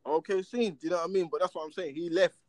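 Man, casual chat, high voice, dry close sound, rhetorical and animated, slang-heavy. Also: racing, no echo. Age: adult with children.

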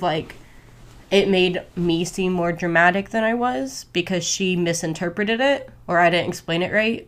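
A woman's voice: lowish voice, fairly bright tone. A young woman hosting a solo podcast, talking candidly and casually with lots of "like" fillers. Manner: candid, conversational, many "like" fillers. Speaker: podcast host.

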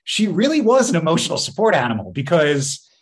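A man co-hosting a podcast in casual chat, telling stories in an animated way and laughing often. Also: fairly high pitch, fairly quick. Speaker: podcast co-host.

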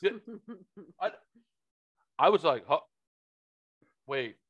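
A man's voice: on the high side, expressive, takes it slowly, fairly bright tone, husky, no room sound, lo-fi sound. A man telling a story in a casual podcast chat, profane and heated.

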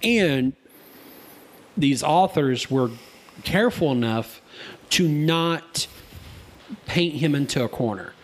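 A man's voice: fairly high pitch, animated, slow, long pauses. A man co-hosting a casual podcast in a studio, telling stories in a rambling way with many restarts. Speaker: podcast co-host.

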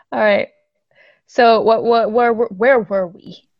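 Woman guest from Haiti, candid and animated, on a dull lo-fi video call. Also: fairly high pitch, slow, no echo. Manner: candid and animated, with frequent fillers and laughs. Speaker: guest, musician. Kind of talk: casual interview over a video call.

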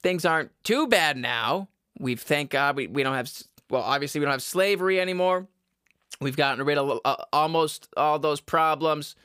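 Bright-voiced ranting young man. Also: a little high, normal speed, clean tone, no echo, studio quality. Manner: swearing, exasperated, laughs often. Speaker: podcast host. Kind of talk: casual ranting monologue. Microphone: headphones.

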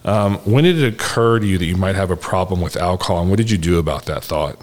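A man hosting a conversation, telling a personal story in a relaxed, drawn-out way and acting out the dialogue. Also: deep voice. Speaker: host. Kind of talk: casual storytelling chat.

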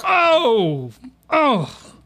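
A man's voice: very high voice, huge pitch swings, drawn-out words, vocal fry, music in the background. A man hosting a crude comedic reaction commentary, talking in rowdy, slangy, exaggerated outbursts. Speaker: commentary host.

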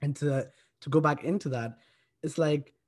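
A man hosting a casual discussion talks in a somewhat high voice. He is earnest and conversational, leaning on filler words as he works through his thoughts. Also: normal speed.

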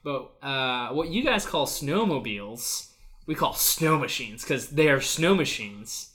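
A man's voice: medium pitch, animated, unhurried, sharp tone. A man from Alaska co-hosting a casual podcast, joking and incredulous, acting out anecdotes in quoted voices. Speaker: podcast co-host. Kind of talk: casual chat.

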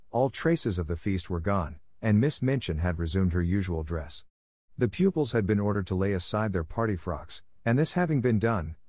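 A man narrating a classic novel aloud in a calm, even storytelling manner. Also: fairly low pitch, dry recording, studio quality. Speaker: audiobook narrator.

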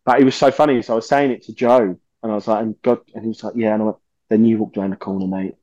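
A man, a podcast guest telling stories in a lively, swearing way and acting out the voices of people he quotes. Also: on the low side, very fast, dry recording, lo-fi sound. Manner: animated, swears often, acts out quoted voices. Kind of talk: casual storytelling interview.

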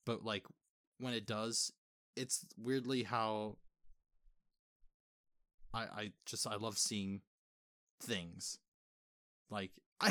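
A man's voice: on the low side, steady tone, very slow, long pauses, pushed and bright, dry recording, studio quality. Eager man from Wisconsin, stumbling restarts. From Wisconsin, USA. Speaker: podcast co-host. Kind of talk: casual podcast chat.

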